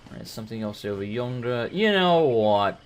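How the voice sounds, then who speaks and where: A man casually commentating a game he plays, excitable, swearing often and talking back to the characters. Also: mid-range voice, moderate pace, a little hiss or hum. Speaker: let's play host.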